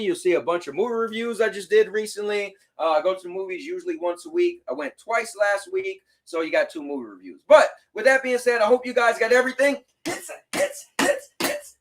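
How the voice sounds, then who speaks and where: A man hosting a casual livestream, reading chat messages aloud and giving shout-outs. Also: high-pitched, brisk, hardly any pauses. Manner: animated, talks to his dog. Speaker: livestream host.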